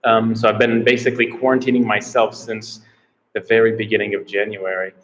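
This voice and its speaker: A man's voice: on the low side, flat delivery, brisk, slight background noise, low-quality recording. An American man chatting casually on a live stream from a small room, rambling and unsure, often repeating himself. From United States. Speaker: travel vlogger doing a live Q&A.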